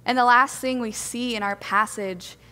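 A woman preaching a sermon to a congregation, gentle, earnest and reflective. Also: fairly high pitch, fairly even intonation, moderate pace, in a large hall.

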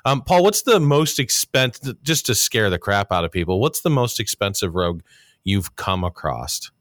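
A man with a very low voice hosts a podcast interview. He asks questions casually, with a joking edge. His voice sounds dry, with no room echo. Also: very animated, normal speed, fairly bright tone. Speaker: podcast host.

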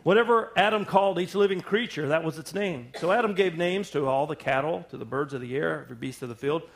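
A male pastor preaches with lively energy in a fairly high voice. He calls out to the congregation for responses and keeps an animated, conversational rhythm. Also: fast, gravelly. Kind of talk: sermon.

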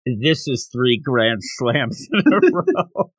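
A man co-hosting a podcast, recapping a story in casual chat and acting out the characters' lines in quick little voices. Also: medium pitch, very animated, no echo. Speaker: podcast co-host reviewing manga.

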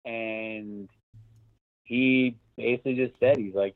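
A guest on a podcast, a man in his thirties, casually narrates a golf story with lots of "like" and some swearing, keeping it loose and chatty. His medium-pitched voice moves at a moderate pace with no room sound, though the line is dry and tinny like a phone.

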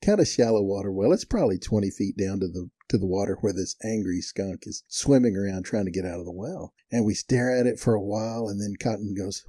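An older man tells a ranch story in a folksy, chuckling way. His voice is low, very dark and a little husky. The recording is close and dry, with no room sound. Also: a little fast, no room sound. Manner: folksy, chuckling, animated in quoted dialogue. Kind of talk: casual storytelling.

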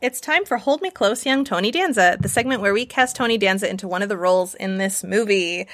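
A woman's voice: mid-range voice, a little fast, fairly bright tone, dry recording. A woman with a Canadian accent co-hosting a movie podcast, leading the segments and laughing often. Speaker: podcast co-host. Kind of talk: casual chat.

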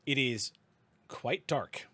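A man running a tabletop game as game master, narrating scenes in an unhurried, descriptive way with small restarts. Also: medium pitch, sharp tone, breathy edge, dry recording.

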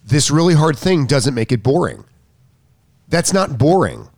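A coach in a casual discussion, a man who interjects quickly and thinks out loud. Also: fairly high pitch, wildly swooping pitch, no room sound, clean studio sound.

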